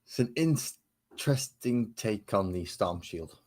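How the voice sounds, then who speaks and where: A low-pitched man with a husky, slightly rough voice talks through a live stream. He banters sarcastically with viewers and mutters to himself between remarks. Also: expressive, takes it slowly, a little mellow. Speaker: streamer painting miniatures. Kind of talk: casual live-stream chat.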